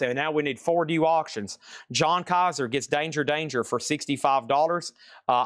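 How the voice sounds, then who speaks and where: A vinyl auction host running a live online sale speeds through item lists and prices in casual sales patter, chatting with viewers as he goes. His voice is fairly high and fairly bright, captured in a dry, clean studio recording.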